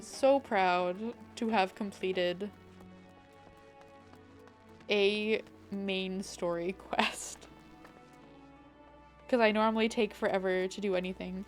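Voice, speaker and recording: Young woman streamer, excitable casual chat, mid-range voice, light music bed. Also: mid-range voice, takes it slowly, pauses often. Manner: bubbly and excitable, many likes.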